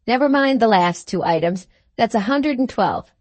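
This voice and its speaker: A woman's voice: a little high, lively intonation, moderate pace, a little mellow, dry recording. Woman doing a fussy wheedling little lawyer. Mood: coaxing. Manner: wheedling, keeps saying "my dear sir". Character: fussy little male attorney, ingratiating.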